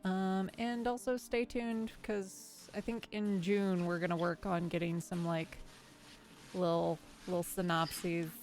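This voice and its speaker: A woman game master chatting casually on a live stream, relaxed and rambling with fillers. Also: lowish voice, slow pace, soft background music.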